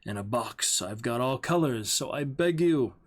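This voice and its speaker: A man's voice: medium pitch, animated, normal speed, close to an everyday voice. A man voicing an aged male traveling stage player, reading the lines earnestly in his own voice during a script rehearsal. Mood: pleading.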